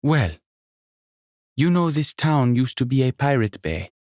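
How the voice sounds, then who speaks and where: A bubbly woman in her sixties with a faint Jamaican lilt, as a male narrator puts her on in an audiobook. She talks fast and warmly about her town, her voice lifted well above a man's usual range. The reading is dry and close. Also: medium pitch, no echo, pitched above the performer's own voice, close to an everyday voice. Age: 60s. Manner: lively and chatty, rapid-fire. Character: energetic woman in her sixties running an inn.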